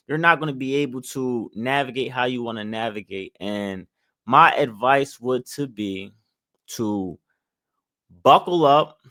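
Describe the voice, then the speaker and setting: A man's voice: medium pitch, a bit bright, no echo, studio quality. A young man giving blunt, preachy money advice straight to camera, hammering his points with repeated phrases. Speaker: finance commentator. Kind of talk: opinionated direct-to-camera commentary.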